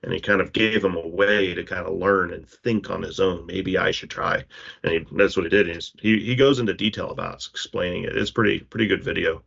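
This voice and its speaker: A man's voice: low voice, fairly even intonation, a little fast, gravelly, fairly bright tone, husky. A man co-hosting a podcast, talking casually and often stopping to search for words. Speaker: podcast co-host. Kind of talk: casual conversation. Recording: muffled lo-fi call audio.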